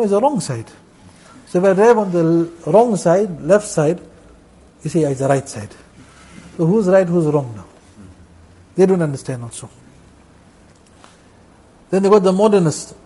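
A man's voice: high voice, warm tone, slightly rough, low-quality recording. A man preaching a sermon, lecturing emphatically and repeating phrases, peppered with Arabic and Urdu religious terms. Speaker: Islamic preacher.

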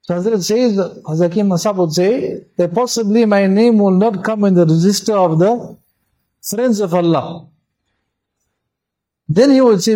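Male mufti, sermon delivery, high-pitched voice, fervent and repetitive. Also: normal speed, dark tone, poor audio. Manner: impassioned, repetitive exhortation. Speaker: mufti preaching.

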